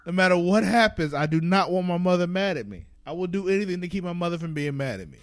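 A young man co-hosting a podcast in casual chat, animated, laughing often and swearing freely. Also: high voice, fast. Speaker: podcast co-host.

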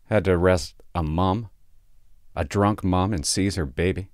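A man's voice: low-pitched, steady tone, measured pace, dry recording, clean studio sound. A man doing a crude, sardonic stand-up set about police work, swearing freely. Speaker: stand-up comedian and police officer.

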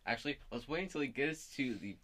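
A man's voice: mid-range voice, lively intonation, fast, a bit bright. A man playing in a tabletop game, chatting casually and joking with the group. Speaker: player.

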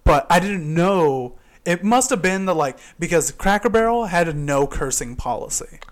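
Young male podcast host, slightly raised pitch, swears constantly, animated storyteller, poor laptop recording. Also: moderate pace. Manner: profane, heated retelling with loud quoted outbursts. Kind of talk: casual chat, storytelling.

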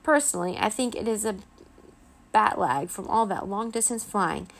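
A woman's voice: animated, normal speed, gravelly. A woman voicing a stern vampire mother who scolds and screeches, in a children's storybook reading. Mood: scolding. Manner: shrill, scolding, theatrical.

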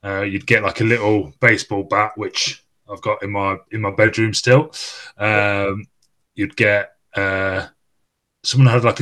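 A man's voice: lowish voice, flat delivery, measured pace, bright, forceful tone. A man hosting a podcast, reminiscing in casual chat with a former teammate, rambling and laughing often as he talks.

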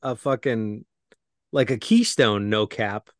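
A man's voice: lowish voice, takes it slowly, no room sound, studio quality. A man co-hosting a podcast in casual chat, blunt with crude humor. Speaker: podcast co-host.

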